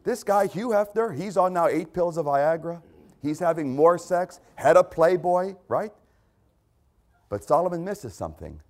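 Impassioned preacher man, lively pitch. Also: normal speed. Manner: impassioned, rhetorical questions, repeats key phrases. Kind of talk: sermon.

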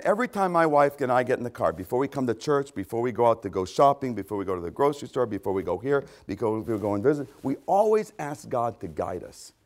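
An older man preaching a sermon, animated, swinging between loud exclamations and hushed asides. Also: medium pitch. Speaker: pastor.

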